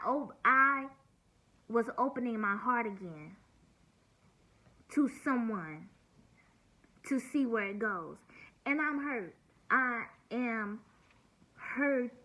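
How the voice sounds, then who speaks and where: A woman's voice: a little high, animated, takes it slowly, pauses often, bright, forceful tone, poor audio. A woman in her forties, blunt and swearing, venting through a hurt, near-tearful personal vlog monologue. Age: 40s. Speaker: vlogger.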